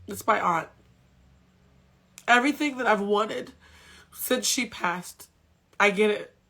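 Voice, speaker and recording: A woman's voice: mid-range voice, takes it slowly, pushed and bright. A woman, a spiritual coach and tarot reader, telling a personal story candidly and bluntly on a phone live stream. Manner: candid, blunt, swears freely.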